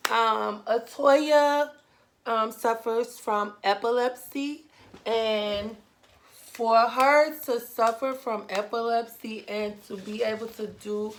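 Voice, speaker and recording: Woman vlogger, slightly high voice, slow emphatic chat, faint hiss behind. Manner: chatty, emphatic, keeps asking "okay?". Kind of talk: casual unboxing chat to viewers.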